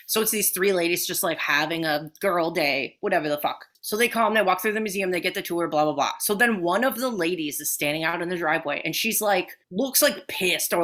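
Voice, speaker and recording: A woman co-hosting a podcast, telling a long story in a casual, animated way, swearing often and acting out the people she quotes. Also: lowish voice. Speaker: podcast co-host.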